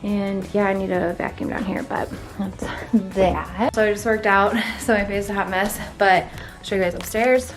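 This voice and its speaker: A woman's voice: medium pitch, steady tone, normal speed, faint music behind. A young woman vlogging a casual house tour, chatty and giggly, out of breath after a workout as she walks from room to room inside a house, filmed on a handheld vlog camera. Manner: chatty, giggly, talks while walking room to room.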